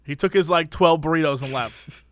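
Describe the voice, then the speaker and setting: A man's voice: a little high, normal speed, dry recording, clean studio sound. A man co-hosting a casual chat podcast, ranting animatedly about everyday annoyances. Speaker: podcast co-host.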